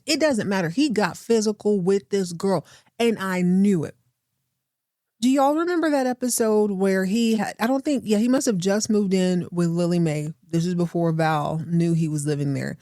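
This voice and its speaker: A woman recapping a TV episode for her podcast, chatty and emphatic, reacting to scenes as she goes. Her voice is mellow and sits on the low side. The recording is dry and close, with no room sound. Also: brisk, dry recording. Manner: chatty, emphatic, talks back to the screen. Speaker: podcast host.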